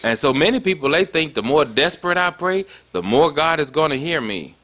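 A man's voice: on the high side, animated, brisk, a bit bright. Man preaching, conversational and emphatic. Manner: conversational preaching with frequent "you see that?" asides. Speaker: pastor. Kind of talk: sermon.

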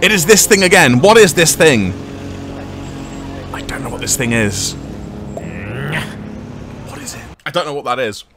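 Excitable man, lively pitch. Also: normal speed, pauses often. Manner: excitable, laughs often, chatty. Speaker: gaming video creator. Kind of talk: casual gameplay commentary. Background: faint game music.

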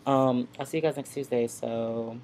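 A man's voice: mid-range voice, steady tone, normal speed, a little mellow, slight background noise. A man ranting in a casual, sassy vlog, talking bluntly into his computer's webcam at home. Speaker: vlogger. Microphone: built-in computer webcam mic.

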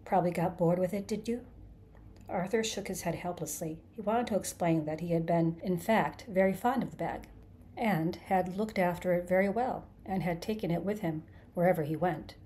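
A woman narrating a comic science fiction novel in a measured, dry storytelling delivery. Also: lowish voice, dark tone, slight background noise. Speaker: narrator, podcast host. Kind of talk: scripted audiobook narration.

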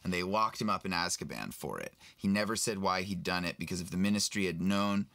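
A man reading aloud as a bitter, grieving old wizard brother, slow and measured. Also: low voice, lively intonation, gravelly, fairly bright tone, no echo, exaggerated voice.

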